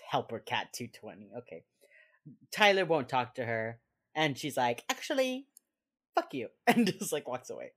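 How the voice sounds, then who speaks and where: Her bass voice is sing-song, measured and often paused. As a young podcast co-host, she chats casually through a TV episode recap, full of fillers, laughing as she performs the characters' quotes.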